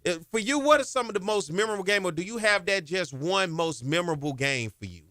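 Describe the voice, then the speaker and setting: Brief: male sports podcast host, eager and talkative, tense bright tone, dry studio sound. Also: high-pitched, lively intonation, no room sound. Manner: enthusiastic, quick to react and prompt. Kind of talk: casual interview chat.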